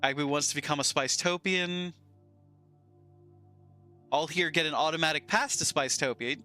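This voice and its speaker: Bright-voiced Southern streamer man. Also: a little high, moderate pace, long pauses, faint music behind. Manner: reads chat messages aloud, playful banter. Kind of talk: casual live-stream chat reading.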